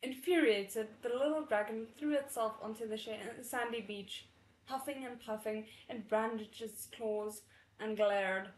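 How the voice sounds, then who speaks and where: A woman reading a novel aloud for her channel, often breaking off to react with excited, chatty comments. Her voice sits fairly high. The room around her is noticeably echoey. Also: unhurried. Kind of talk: readalong narration with chatty asides.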